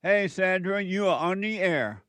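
A man's voice: high-pitched, expressive, a little slow, a bit bright, no echo. A man hosting a call-in radio show, giving spiritual advice in a drawling, preachy way with frequent chuckles.

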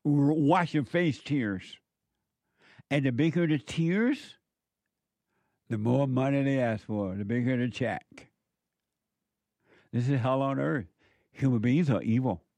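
A man's voice: medium pitch, slow pace, pauses often, darkish tone, no echo. A man giving a preachy, sarcastic commentary on a news clip, mocking and repeating his phrases for emphasis.

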